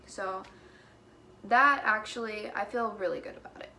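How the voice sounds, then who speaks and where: A woman's voice: medium pitch, normal speed, sharp tone, a little hiss or hum. A young woman rambling in a casual vlog, filling her talk with "like" and "you know", a little out of breath. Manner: chatty, many fillers like "like" and "you know". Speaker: vlogger.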